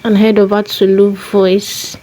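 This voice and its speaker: A woman at an ordinary middle pitch talks through a screen-recorded tutorial in a warm, mellow voice. She moves methodically from one step to the next and often repeats key phrases. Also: completely flat delivery, measured pace, rough recording. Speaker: tutorial host.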